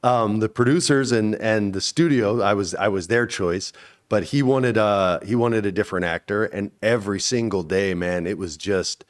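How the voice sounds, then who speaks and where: Here a man in his forties, an actor guesting on an interview, spins casual anecdotes at a moderate pace. He performs the quoted lines, breaking into abrupt high-pitched bursts.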